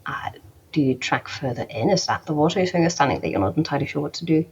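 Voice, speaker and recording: Woman game master, low gravelly voice, hesitant delivery full of ums, dull lo-fi recording. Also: lively intonation, fast talker, a little mellow, a little hiss or hum. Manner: hesitant, many ums and restarts. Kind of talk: narrating a tabletop game.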